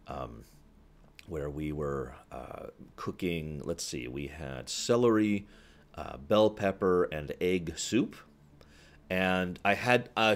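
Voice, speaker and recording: A male livestream host in casual, rambling chat who answers viewer comments and often laughs at his own remarks. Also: deep voice.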